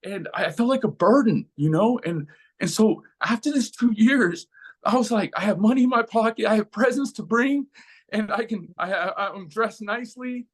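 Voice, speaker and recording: A man's voice: high-pitched, moderate pace. A man telling an emotional personal story as a guest speaker, acting out voices from it with lots of life. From USA. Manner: animated, acts out voices in his story.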